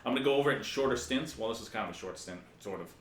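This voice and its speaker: A man's voice: mid-range voice, animated. A man hosting a podcast and coaching fitness clients, speaking in a loose casual chat with frequent swearing. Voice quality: fast-talking, loose and profane. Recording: echoey room, faint noise.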